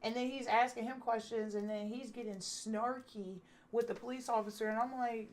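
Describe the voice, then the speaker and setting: A woman's voice: on the high side, a little fast, hardly any pauses, slight background noise. A woman vlogger telling a candid storytime with lots of swearing, acting out what people said. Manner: candid, profane, acts out quotes. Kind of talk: casual storytime.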